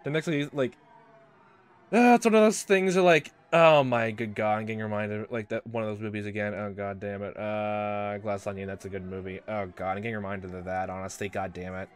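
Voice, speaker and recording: A man's voice: fairly low pitch, brisk, smooth. A man giving casual let's play commentary, rambling and exasperated, full of fillers and swearing.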